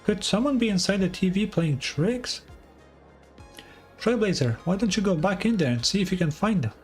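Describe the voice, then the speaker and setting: A man's voice: high voice, lively intonation, moderate pace, faint music behind, pitched above the performer's own voice. A man voicing a small, chirpy talking pup companion from a game, with a sweet, eager, bouncy manner.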